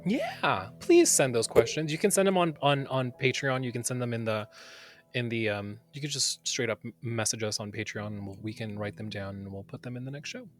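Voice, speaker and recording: A man's voice: medium pitch, brisk, faint music behind. Chatty podcast co-host, man, swears freely, restarts a lot, voice in a middle range. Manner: expressive, swearing, many fillers and restarts. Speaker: podcast co-host and tarot reader. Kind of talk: casual chat.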